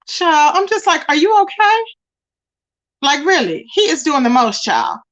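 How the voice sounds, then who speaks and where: A woman hosting a live stream gossips casually with her chat, with a high voice that swings widely in pitch. She talks in a mocking, animated way and keeps calling out to the viewers. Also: moderate pace.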